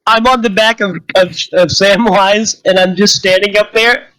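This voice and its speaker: A player in a tabletop game, speaking casually in character, eager and hesitant with quick self-corrections. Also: medium pitch, steady tone, a bit bright, no echo, rough recording.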